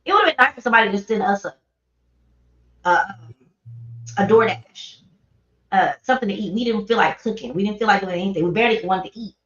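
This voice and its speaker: A woman's voice: medium pitch, animated, fairly quick, pauses often, fairly bright tone. Earnest woman hosting a roomy livestream. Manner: earnest, rambling, conversational. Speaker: livestream host. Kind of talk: casual personal talk on grief. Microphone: livestream microphone. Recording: roomy, dull livestream audio.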